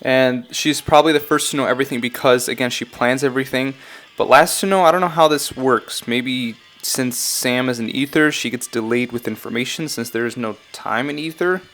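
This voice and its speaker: A man's voice: medium pitch, a little fast, few pauses, fairly bright tone, a little hiss or hum. A man casually talking through song lyrics line by line in a vlog, rambling, correcting himself and often saying he's not sure. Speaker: YouTuber analyzing game song lyrics.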